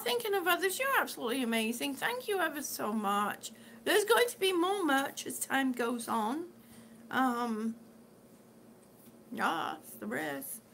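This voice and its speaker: Woman live-streamer: high, bright, unhurried, affectionate chatter, with faint room noise behind her. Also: gravelly. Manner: chatty and affectionate, calls viewers sweetie. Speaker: vlogger reading live chat. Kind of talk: casual live-stream chat.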